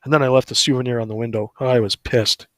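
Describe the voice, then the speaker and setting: A man's voice: mid-range voice, steady tone, quick pace, a bit bright, no room sound. Brief: man, crude no-filter ranter, plain mid voice, dry. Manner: profane, blunt ranting. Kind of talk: casual storytelling on a livestream.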